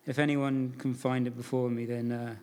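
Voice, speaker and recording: A man's voice: mid-range voice, little pitch movement, moderate pace, darkish tone. A man preaching a sermon in an informal storytelling way, asking the congregation questions.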